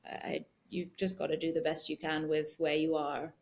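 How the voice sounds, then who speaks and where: A woman in her forties, a guest in an interview, speaking in a soft, reflective way with many "you know" fillers. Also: sits low, flat delivery, moderate pace, slight background noise. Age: 40s. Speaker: guest, founder. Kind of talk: casual interview talk.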